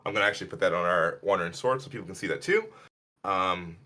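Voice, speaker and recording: A man from Illinois co-hosting a podcast, telling rambling stories and acting out other people's lines in a higher voice. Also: fast talker. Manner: animated, rambling, acts out quotes in a higher voice. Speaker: podcast co-host. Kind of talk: casual storytelling chat.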